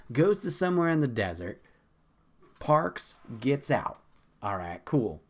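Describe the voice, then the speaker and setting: A man's voice: mid-range voice, very animated, measured pace, long pauses. A man hosting a podcast in a casual, profane, exasperated rant, laughing often. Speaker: podcast host.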